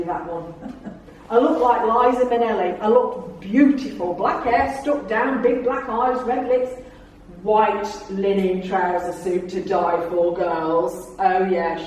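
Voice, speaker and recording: A woman's voice: medium pitch, darkish tone, a little hiss or hum. A middle-aged woman telling funny stories to a club audience and acting out the dialogue in them. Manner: chatty storyteller, acts out the dialogue in her tales. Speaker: after-dinner speaker. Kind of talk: anecdotal talk to a club audience. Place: function room. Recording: very echoey room, speaker far from the mic.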